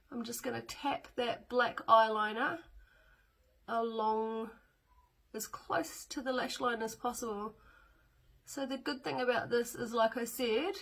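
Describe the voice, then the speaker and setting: A woman's voice: fairly high pitch, vocal fry, fairly bright tone, low-quality recording. A middle-aged woman, chatting casually through a step-by-step makeup demo with fillers and small asides. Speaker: makeup tutorial host.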